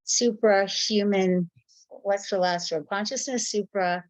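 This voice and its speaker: A woman's voice: mid-range voice, slow, no echo, poor audio. A woman sharing a personal memory in casual talk, rambling and searching for words, on a video call.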